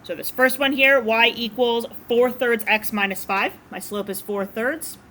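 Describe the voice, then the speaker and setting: A woman's voice: fairly high pitch, steady tone, a little slow, bright, forceful tone, slight background noise. A woman teaching a math class, explaining graphing in a casual, chatty way to her students in a classroom. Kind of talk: classroom lecture.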